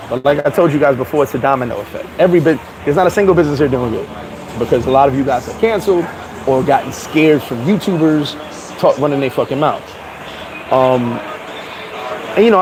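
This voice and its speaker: A man vlogging outdoors, telling a story in a loose, animated way, swearing and acting out other people's voices. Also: mid-range voice. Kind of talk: casual storytelling to camera. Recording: street crowd noise behind.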